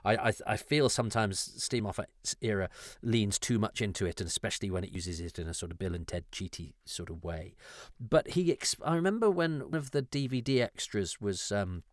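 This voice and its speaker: A man's voice: fairly low pitch, animated, brisk, no room sound, clean studio sound. A middle-aged man hosting a podcast, talking in a thoughtful, digressive way with frequent restarts. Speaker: podcast host. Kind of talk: conversational podcast discussion.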